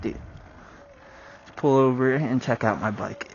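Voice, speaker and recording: A man's voice: medium pitch, measured pace. A young man talking casually on a riding vlog, swearing often and calling the viewer bro and dude, recorded outdoors on a small clip-on mic. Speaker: vlogger. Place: outdoors on a dirt bike on country roads. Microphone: small wireless clip-on mic. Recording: muffled lo-fi audio with loud wind and road noise.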